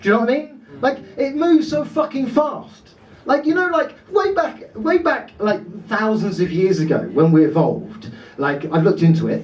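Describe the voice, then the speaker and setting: A man's voice: very high voice, far from the mic, low-quality recording. A man from Dorset doing stand-up crowd work, chatty and swearing as he talks with the audience. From Dorset, England. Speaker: stand-up comedian. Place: comedy club stage. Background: laughing crowd.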